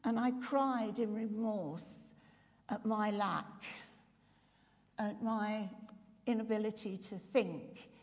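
A woman with a medium-pitched, slightly mellow voice preaches a sermon slowly, pausing often. She's reflective and frequently poses questions to her congregation, with the long reverb of a large hall around her.

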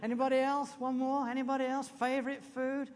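A man's voice: extremely high pitch, little pitch movement, fairly quick. A British man preaching a sermon in a chatty way, putting questions to the congregation. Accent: British English. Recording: long hall reverb.

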